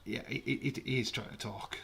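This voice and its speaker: A man giving jokey, casual commentary on a live watch-along stream from his flat. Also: mid-range voice, moderate pace, gravelly, a little hiss or hum. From United Kingdom. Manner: jokey, banters with chat. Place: home, in a flat.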